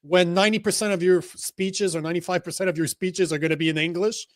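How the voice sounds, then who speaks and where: Stream host, French-native man, emphatic and crude, slightly high pitch, dry mic. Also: fairly even intonation, quick pace, no room sound. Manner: profane, blunt and emphatic. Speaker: livestream host. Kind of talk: casual political chat.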